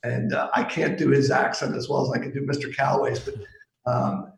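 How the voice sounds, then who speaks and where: A middle-aged man from Pittsburgh, a sales executive guest, telling golf stories in a relaxed, anecdotal way with lots of fillers. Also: mid-range voice, fairly quick, gravelly, echoey room, poor audio. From Pittsburgh, USA. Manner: warm anecdotal, chuckles, trails off with fillers. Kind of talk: casual storytelling.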